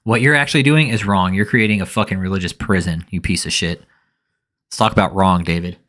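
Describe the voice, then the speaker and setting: A man's voice: low voice, brisk, fairly bright tone, a little hiss or hum. A man giving live reaction commentary in an angry, profane rant.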